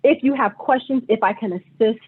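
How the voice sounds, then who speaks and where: A woman banker wraps up her talk on a video call, friendly and professional with a few halting pauses. Her voice is fairly high and husky, and the audio comes through thin and phone-like. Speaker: bank vice president presenter. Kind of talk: closing remarks on a webinar.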